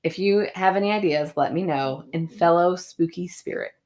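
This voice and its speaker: A woman in her thirties co-hosts a casual podcast with a slightly low voice. She reads stories and chats, laughing often and acting out the moments she retells. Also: normal speed, darkish tone. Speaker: podcast co-host. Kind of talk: casual chat and story reading.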